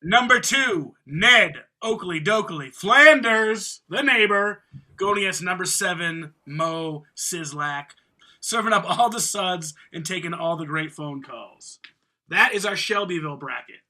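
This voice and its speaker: A man hosts a casual podcast, reading out matchups with playful energy. His voice sits high and rings very bright. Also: measured pace. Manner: announcing brackets with playful energy. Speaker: podcast host.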